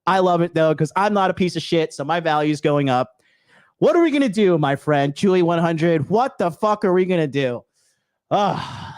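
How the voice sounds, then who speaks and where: A man's voice: fairly high pitch, expressive, normal speed, a little mellow, dry recording. Man, livestream host, blunt, swears a lot, talks to chat, dry sound. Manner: blunt and profane, heavy swearing; addresses viewers as bros, reads chat aloud. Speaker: livestream host giving dating advice. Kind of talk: unscripted livestream rant.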